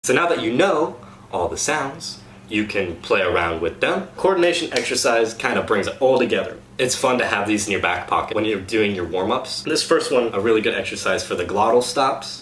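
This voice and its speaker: A man coaching a cast on dialect sounds in an upbeat, casual way, slowing down to demonstrate each sound. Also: lowish voice, animated, fairly bright tone. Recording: echoey room, faint noise.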